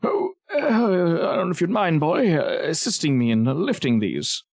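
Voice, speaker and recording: A man's voice: a little high, wildly swooping pitch, normal speed, vocal fry, darkish tone, no room sound, studio quality, pitched above the performer's own voice, exaggerated voice. A man voicing a fussy old man in a tabletop game, hesitant and stammering. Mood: fretful.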